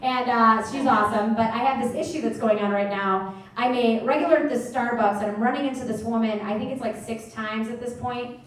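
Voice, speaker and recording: Woman stand-up, raised-pitch voice, brash and foul-mouthed, echoey theater sound. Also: steady tone, brisk. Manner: brash, profane storytelling. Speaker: stand-up comedian. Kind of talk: stand-up comedy set. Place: live comedy theater stage. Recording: echoey theater, mic at a distance.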